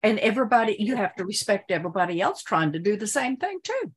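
A woman's voice: medium pitch, sing-song, fast talker, husky. An older woman, chatting earnestly with fellow guests and laughing often. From Texas. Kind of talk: casual chat.

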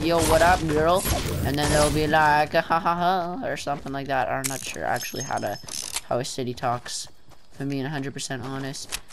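Rambling gamer talking over loud noise. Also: medium pitch. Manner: rambling, unsure self-talk. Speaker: gameplay video creator. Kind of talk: casual gameplay commentary. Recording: loud background game noise.

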